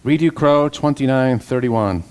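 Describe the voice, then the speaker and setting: Man briskly calling out redo cues. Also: medium pitch, a little mellow, clean tone, poor audio. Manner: businesslike, reading cue numbers. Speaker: voice actor. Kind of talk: dialogue redo session.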